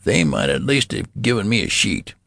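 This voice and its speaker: A man's voice: fairly low pitch, sing-song, moderate pace, creaky, fairly bright tone, no room sound, clean studio sound, pitched above the performer's own voice, full character voice. A man voicing a cranky, mocking old man in a story reading, in a querulous, complaining way. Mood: grumbling. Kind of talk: audiobook character voice.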